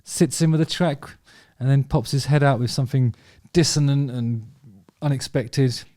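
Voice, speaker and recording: A man's voice: medium pitch, normal speed, warm tone, dry recording, studio quality. A man chatting casually about favourite songs, rambling and enthusiastic, with many ums and restarts. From England. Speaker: vlog host talking about music.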